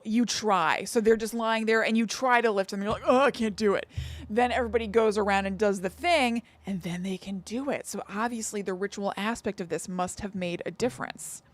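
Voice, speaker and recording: A woman's voice: mid-range voice, dry recording. A woman co-hosting a podcast, chatting casually and reading an old text aloud, correcting herself and giggling. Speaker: podcast co-host.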